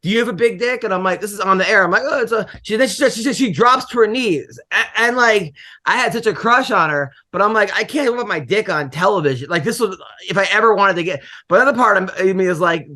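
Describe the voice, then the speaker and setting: A middle-aged male comedian hosting a podcast, telling rambling, animated stories and laughing often. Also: high-pitched, fairly quick. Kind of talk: casual podcast chat, storytelling.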